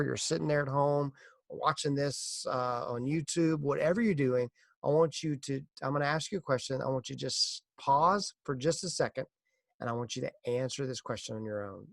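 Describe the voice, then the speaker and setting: Man, middle-aged, podcast host, earnest, encouraging, gravelly, dry close sound. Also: medium pitch, dry recording. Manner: earnest, encouraging, tells a corny joke. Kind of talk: casual motivational podcast talk.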